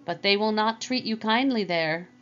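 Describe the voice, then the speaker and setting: A woman voicing a gentle, grave butterfly with a thin, clear voice. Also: mid-range voice, normal speed, dull audio, soft background music, voice pushed up, lightly acted.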